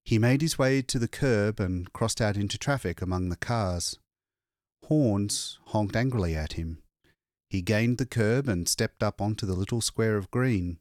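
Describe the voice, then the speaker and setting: A man reading a short story aloud as an audiobook narrator, measured and expressive. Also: lowish voice, dry recording, studio quality. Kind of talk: scripted narration.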